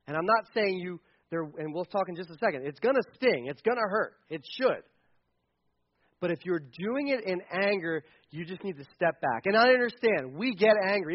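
A man's voice: high voice, lo-fi sound. A middle-aged man preaching a sermon to a congregation, earnest and emphatic, repeating key phrases. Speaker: pastor.

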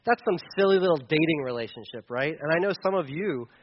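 Middle-aged man, pastor, candid sermon storytelling, self-deprecating, fairly high voice, dull lo-fi recording. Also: lively intonation, quick pace, slight background noise. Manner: candid, self-deprecating, many fillers and restarts.

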